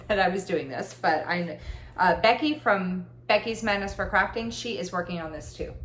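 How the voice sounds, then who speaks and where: A woman with a medium-pitched voice rambles cheerfully about her cross-stitch work, poking fun at herself with little laughs. It's a casual chat recorded in a room at home, with noticeable reverb and slight background noise.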